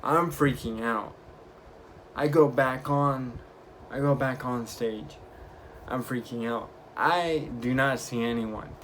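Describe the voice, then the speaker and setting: A young man vlogging, casually retelling his week with lively quoted bits of dialogue. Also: medium pitch, takes it slowly, a little hiss or hum. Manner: chatty, animated retelling with acted quotes. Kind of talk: casual storytelling vlog.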